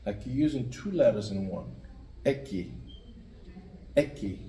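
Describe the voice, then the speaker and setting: A man, teaching the alphabet by slowly repeating each letter sound. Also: medium pitch, warm tone, a little hiss or hum. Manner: slow, repetitive letter drilling. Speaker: language teacher. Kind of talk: spelling out the Spanish alphabet. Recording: echoey room, mic at a distance.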